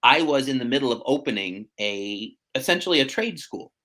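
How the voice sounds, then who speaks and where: Animated man with bright voice. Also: mid-range voice. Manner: animated, self-deprecating, quick asides. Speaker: real estate agent, guest. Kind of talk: casual podcast conversation.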